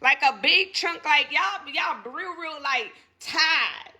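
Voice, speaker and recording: A woman's voice: high-pitched, animated, slow, pushed and bright. A mother of six mocking her critics in a casual vlog, talking to viewers as y'all.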